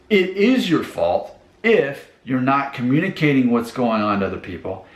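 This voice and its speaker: A man hosting his own channel, earnestly talking through practical advice to the camera in a casual way. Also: mid-range voice. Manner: earnest, repeats steps, restarts. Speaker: channel host giving advice. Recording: roomy echo.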